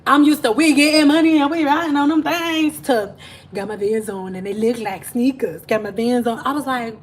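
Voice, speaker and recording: A woman with a Detroit accent telling a story to her live-stream viewers in a casual, animated way, laughing often and acting out the voices of people she quotes. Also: fairly high pitch, moderate pace.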